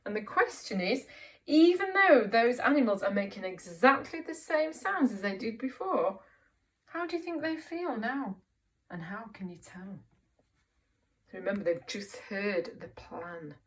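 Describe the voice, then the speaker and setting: A woman teacher reading a picture book aloud to young children, slow and encouraging, asking them questions. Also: medium pitch, animated, far from the mic. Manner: slow, encouraging, asks questions and puts on voices for characters. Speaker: primary school teacher.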